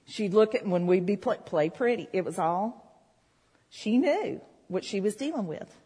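Husky-voiced woman preaching in a reverberant hall. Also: mid-range voice, expressive, measured pace, mellow. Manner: conversational, talks with the congregation. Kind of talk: sermon. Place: church hall.

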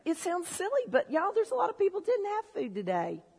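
A woman preaching a sermon in a church, telling stories and swinging from low, confiding talk to shouted excitement. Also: a little fast, vocal fry. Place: church hall. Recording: long hall reverb.

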